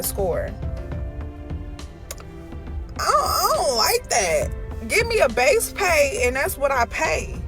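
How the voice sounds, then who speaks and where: Exasperated woman ranting over music. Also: on the high side. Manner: exasperated, chatty complaining. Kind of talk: casual rant.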